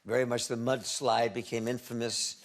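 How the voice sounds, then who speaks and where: A man in his seventies, a talk show guest, telling anecdotes in a halting way, repeating words and laughing at his own stories. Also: medium pitch, level tone. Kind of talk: anecdotal storytelling. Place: TV studio.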